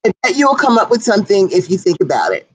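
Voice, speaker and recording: A woman's voice: medium pitch, big pitch swings, quick pace, crowd noise, rough recording. A woman co-hosting a casual live talk show, speaking earnestly and directly to her audience. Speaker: co-host. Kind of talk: casual chat.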